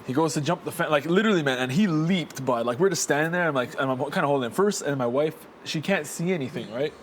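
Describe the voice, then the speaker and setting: A man's voice: fairly high pitch, fast talker, a little hiss or hum. A young man telling a rambling story in casual chat, full of fillers and restarts. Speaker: houseguest.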